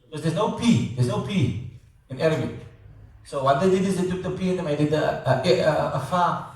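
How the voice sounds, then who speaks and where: Echoey lecturer. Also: male voice, on the high side, a little fast, a little mellow. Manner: conversational, repeats words, checks understanding. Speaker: teacher. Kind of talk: classroom lecture. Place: classroom. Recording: echoey classroom, voice from far off.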